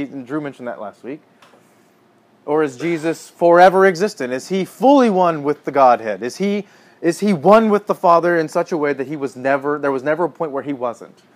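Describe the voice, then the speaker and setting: A man giving a conversational sermon to a small congregation, earnest and animated, often dropping to a hushed tone. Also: a little high. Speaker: pastor or Bible teacher. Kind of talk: conversational teaching talk.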